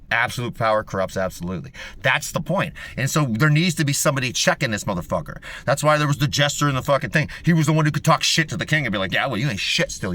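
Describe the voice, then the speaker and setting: A man with a bright, tense, slightly high voice delivers a profane rant. He swears constantly, circles back over his points and lurches between loud outbursts and low grumbles. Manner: swears constantly, repeats himself, shifts between loud bursts and low mutters. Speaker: video host.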